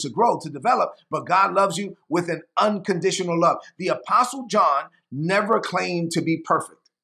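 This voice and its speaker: A man preaching a sermon as pastor, emphatic and repetitive, with a gravelly voice. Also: high voice, fairly bright tone.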